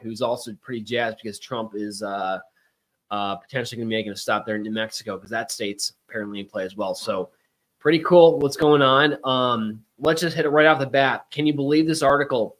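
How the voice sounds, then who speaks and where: A man's voice: mid-range voice, brisk, fairly bright tone. A middle-aged man hosts a casual talk show in a chatty, emphatic way. He wanders into asides, and his voice sits in an ordinary mid range. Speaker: podcast host.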